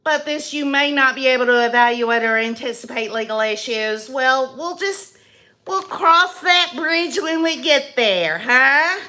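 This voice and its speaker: A woman with a high, bright voice delivers a satirical monologue in character, mocking and sarcastic throughout. She speaks slowly and lets each crude aside land. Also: lively intonation. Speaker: host of a satirical channel.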